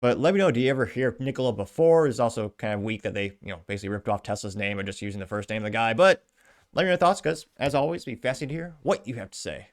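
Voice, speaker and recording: A man's voice: mid-range voice, rapid-fire. A male podcast host with a middle-range voice, going through headlines and viewer comments. His delivery is casual and sarcastic, full of wry asides between the quoted lines.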